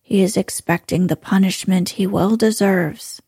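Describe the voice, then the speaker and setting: A woman's voice: mid-range voice, steady tone, unhurried, dark tone, slightly rough, dry recording, studio quality. A woman whispering as a stern old uncle. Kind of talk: whispered role-play.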